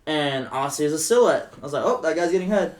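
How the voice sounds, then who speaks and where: A man tells a rowdy story in casual chat, his voice sitting a bit high. He curses freely and acts out every quote. The room rings with echo. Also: fast talker. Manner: animated, swearing, acts out quotes. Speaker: podcast guest.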